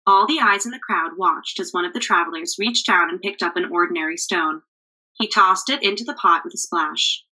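Bright, breathy teacher reading a story. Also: female voice, lowish voice, normal speed, low-quality recording. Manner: clear, expressive storytelling. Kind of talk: reading a picture book aloud to children.

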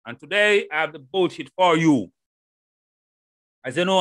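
A middle-aged Jamaican man hosts his podcast alone, loud and animated, firing rhetorical questions at his listeners. His voice sits fairly high and sounds bright and forceful, recorded dry and close at home. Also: normal speed, pauses often, no room sound. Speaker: podcast host. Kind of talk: casual solo podcast monologue. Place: home room in Holland. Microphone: headphones and desk mic.

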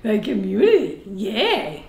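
A woman's voice: medium pitch, wildly swooping pitch, slow, creaky, mellow. A woman teasing her boyfriend with giggles and curt answers in a playful vlog. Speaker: vlogger girlfriend. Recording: echoey, slightly dull room sound.

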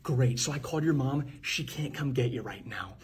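A man playing a school nurse in a comedy sketch, talking sugary-soft with an impatient edge. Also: mid-range voice, expressive, normal speed, close to an everyday voice. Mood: fake sweet.

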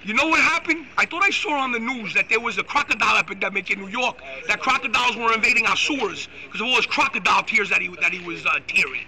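A man hosting a live stream, ranting loudly and excitably with crude insults. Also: high-pitched, fast talker, few pauses, low-quality recording. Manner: loud, excitable, profane, insulting. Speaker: host. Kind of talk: live-streamed political rant.

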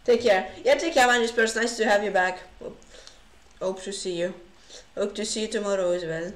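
A woman streamer casually commenting on chess games, excitable and full of gasps and exclamations. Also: medium pitch, moderate pace, reverberant.

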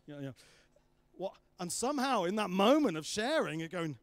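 A man preaching a sermon, telling the story with lively acted-out voices of the people in it. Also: high-pitched, brisk, no room sound. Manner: animated storytelling, acting out voices of the disciples.

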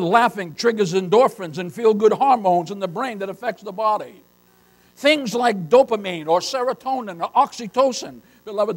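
High-voiced older man preaching. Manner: emphatic preaching, calls listeners beloved. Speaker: pastor. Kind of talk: sermon.

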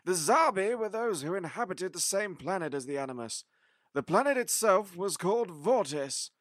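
A man's voice: sits high, animated, normal speed, fairly bright tone, no echo, studio quality. A man playing the Doctor as a grave, weary time-traveller in a fan audio drama, speaking emphatically.

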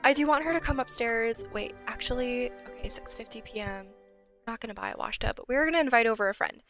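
A woman's voice: a little high, brisk, over music. A young woman giving casual, chatty let's-play commentary on a life-sim game, sometimes dropping to a whisper. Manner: chatty, drops to whispers when worried. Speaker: gameplay channel host.

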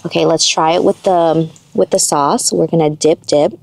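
Chatty excitable woman hosting an eating show. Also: low voice, moderate pace, gravelly. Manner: chatty and excitable, rambling asides. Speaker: mukbang host. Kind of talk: casual eating-show chat.

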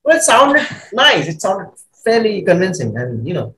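A man from India, hosting a casual podcast interview, halting and filling pauses as he asks. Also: high voice, huge pitch swings, pushed and bright, roomy sound, low-quality recording. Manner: hesitant, many fillers and restarts. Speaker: podcast host.

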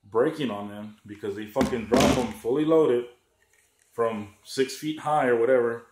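A man's voice: mid-range voice, normal speed, a little mellow, slight background noise. Man, heated profane rant, sarcastic mocking, roomy echo. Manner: heated, sarcastic, swears a lot, mocks others in a raised voice. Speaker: gun channel vlogger. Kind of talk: profane ranting vlog. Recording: echoey room.

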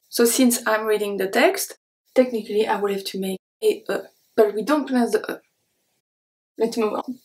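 A woman teaching pronunciation. She says each word slowly, repeats it, then explains it in English. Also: fairly high pitch, a little mellow. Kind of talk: slow, careful pronunciation lesson.

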